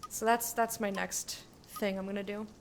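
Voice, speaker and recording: A woman's voice: mid-range voice, little pitch movement, normal speed, a little hiss or hum. A young woman casually commenting on her gameplay, chatty, swearing and humming along. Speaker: gamer streamer. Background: game music.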